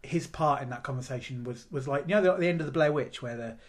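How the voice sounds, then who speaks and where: A man's voice: medium pitch, fast. A man co-hosting a casual podcast chat with dry humour and jokey asides. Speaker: podcast co-host.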